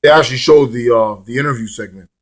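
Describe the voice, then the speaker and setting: Talking quickly in a medium-pitched voice, a man casually reviews a wrestling show, rambling and swearing, and drifts into humming bits of song.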